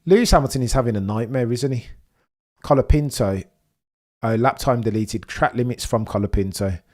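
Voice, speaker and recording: In a mid-range voice and at a moderate pace, a young man offers live watch-along commentary on a race. He's theatrical and talkative, lurching from grumbling to excited outbursts.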